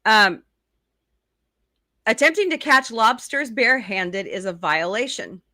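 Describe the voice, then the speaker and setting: A woman hosting a casual chat show reads odd news items aloud, breaking off for quick wry asides and small laughs. Her voice is bright and a little high, with a sleepy, yawning edge. The recording is close and dry. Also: expressive, dry recording. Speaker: host.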